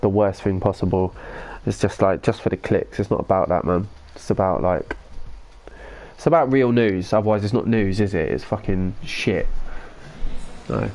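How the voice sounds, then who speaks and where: A man's voice: lowish voice, darkish tone. A young man streaming a football game, chatting casually with viewers, laid-back and sweary. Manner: laid-back, sweary, reads chat aloud. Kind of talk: casual live-stream commentary.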